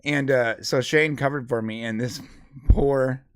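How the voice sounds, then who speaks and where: A man's voice: mid-range voice, clean tone, no echo, clean studio sound. A man co-hosting a live podcast in casual chat, upbeat and chatty while sick with a cold. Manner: upbeat, chatty, quick laughs. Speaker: podcast co-host.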